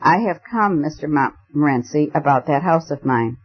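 A man's voice: a little high, lively intonation, moderate pace, slightly rough. Man reading curt male lieutenant, clipped, abrupt, gloomy, dull recording.

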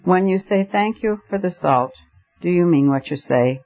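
A man's voice: sits high, lively intonation, normal speed, pitched above the performer's own voice. A man reading the part of a passionate, argumentative young male poet, declaiming his points fervently. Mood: gentle. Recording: dull lo-fi recording.

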